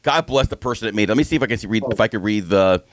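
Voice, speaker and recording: A man's voice: fairly low pitch, racing, no room sound. A man co-hosting a podcast in casual chat, joking and teasing his friends, often restarting his sentences. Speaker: podcast co-host.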